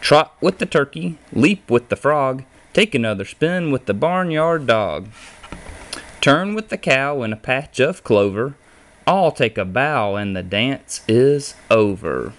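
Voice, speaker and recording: A man's voice: medium pitch, expressive, slow, a bit bright. A man reading children's picture books aloud in a rhythmic, sing-song way, adding playful animal noises.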